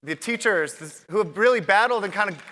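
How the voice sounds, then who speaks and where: A man's voice: high voice, expressive, fairly quick, noisy background. A man hosting a conference keynote, talking straight to the audience and tossing them questions. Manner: upbeat, addresses the audience directly with questions. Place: large conference hall. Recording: reverberant hall with long echo.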